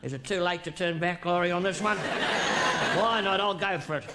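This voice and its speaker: A man's voice: sits high, moderate pace, heavy background noise. A man playing a crude, boastful older Australian male diplomat in stand-up character comedy, with an Australian accent and a bawdy, leering, mock-sentimental way of telling stories. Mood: sly bawdy.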